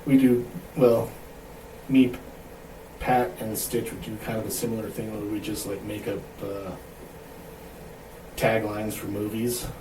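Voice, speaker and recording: A man co-hosting a podcast in casual chat, easygoing and quick to laugh. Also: fairly low pitch, little pitch movement, mellow, slight background noise. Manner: giggly, easygoing, joking. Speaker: podcast co-host. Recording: roomy, distant mic with faint ambience.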